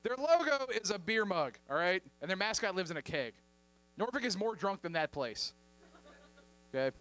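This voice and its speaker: A man's voice: sits high, big pitch swings, moderate pace, a bit bright. A man performing a stand-up comedy set on a club stage, joking with the crowd. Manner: joking, playful crowd work. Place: comedy club stage before a live audience.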